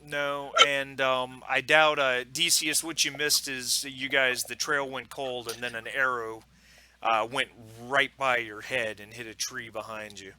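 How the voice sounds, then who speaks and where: A man running a tabletop game as game master, explaining rules and narrating scenes in a relaxed way with many fillers. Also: medium pitch, a little slow, smooth.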